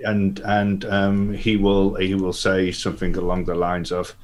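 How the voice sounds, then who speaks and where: A man's voice: sits low, completely flat delivery, unhurried, hardly any pauses. A man playing a tabletop game, hesitant and full of restarts, with a faint hiss behind. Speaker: player.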